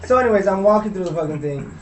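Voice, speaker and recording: Here the same kind of casual storytelling comes rapid-fire and expressive, in a high voice belonging to a young male podcast co-host from Laredo, Texas. His long, profane, meandering tale trails off into mumbling. The room sounds roomy, the mic is far off, and a faint hiss runs through it.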